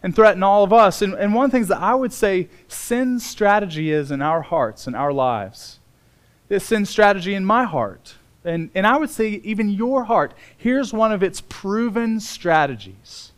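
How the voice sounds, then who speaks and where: High-voiced earnest man preaching. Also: animated. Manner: earnest, emphatic, slowing down on key words. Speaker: pastor. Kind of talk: sermon.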